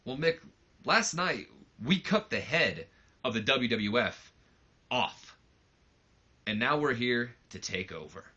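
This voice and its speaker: A man's voice: mid-range voice, expressive, takes it slowly, long pauses, bright, forceful tone, exaggerated voice. A man voicing a smug young male wrestling company owner who sneers and taunts, on a slightly muffled mic. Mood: cold.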